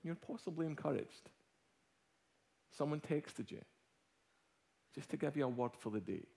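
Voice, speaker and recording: A middle-aged Scottish man preaching a sermon as a guest speaker, telling a personal story with swings from hushed to loud. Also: a little high, animated, normal speed, vocal fry. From Scotland.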